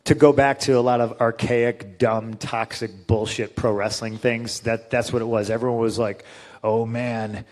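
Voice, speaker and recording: Profane, animated male storyteller. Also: mid-range voice, moderate pace, few pauses. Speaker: guest. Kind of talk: casual storytelling on a convention panel.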